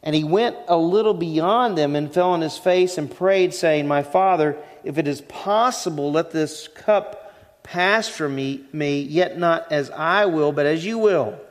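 A middle-aged man preaching a sermon in a conversational way, asking the congregation questions and slowing down on key phrases. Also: on the high side. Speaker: pastor. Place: church sanctuary. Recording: church sanctuary with long reverb.

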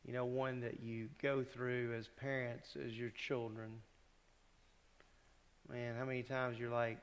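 A man's voice: mid-range voice, steady tone, unhurried, pauses often. A male pastor delivering a conversational sermon in a church, often asking the congregation questions. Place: church sanctuary. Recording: church hall reverb.

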